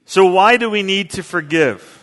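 Male pastor, earnest conversational sermon delivery, slightly high voice, long reverb of a hall. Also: expressive, normal speed, fairly bright tone. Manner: earnest, conversational preaching with restarts.

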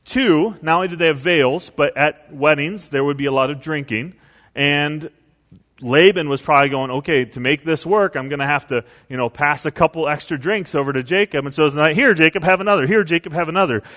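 Brisk and a bit bright, a male pastor's sermon moves through stories and acted-out quotations, with dramatic shifts in pitch and loudness. The sound is that of a big room.

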